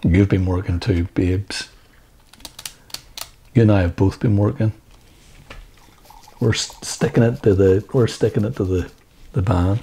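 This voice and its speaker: Gravelly teasing man from Ireland. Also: sits low, steady tone, unhurried, long pauses, dark tone. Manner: teasing, playful banter with repeated name-calling. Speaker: podcast co-host. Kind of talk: casual chat.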